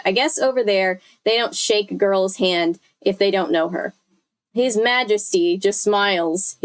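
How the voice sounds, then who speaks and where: A young woman reading a novel aloud on a live stream in a chatty way, stopping to correct herself and talk to her chat. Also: medium pitch. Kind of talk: casual live read-aloud.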